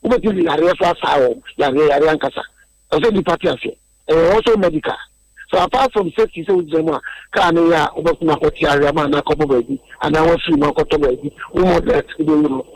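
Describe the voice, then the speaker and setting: Man, slightly higher voice, earnest radio explainer who circles back and repeats words. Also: fast talker, slight background noise, poor audio. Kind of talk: radio discussion.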